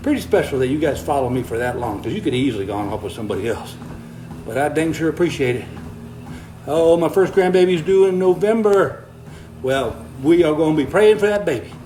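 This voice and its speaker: An older man chats casually on a livestream, reading viewer comments while walking on a treadmill and sounding slightly out of breath. His voice is a little high, mellow, and fairly quick with lively intonation; he's folksy, easygoing, and chuckles often, over faint background music and poor audio.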